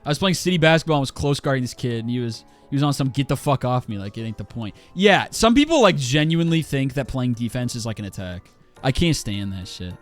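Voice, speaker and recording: A man's voice: mid-range voice, fast. Twenty-something guy streaming and ranting, voice bouncing all over, swears a lot, faint music behind. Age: 20s. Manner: animated, swearing, lots of fillers and restarts. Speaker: livestreamer. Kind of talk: casual ranting chat while gaming.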